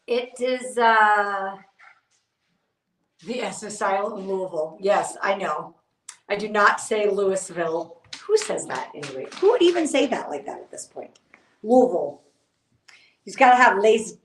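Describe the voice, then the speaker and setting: A woman's voice: medium pitch, a bit bright, roomy sound, recorded from a distance, a little hiss or hum, rough recording. A woman hosting a casual livestream from her home studio, chatting in a rambling way with lots of fillers. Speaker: nail artist livestream host. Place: home studio with dogs around.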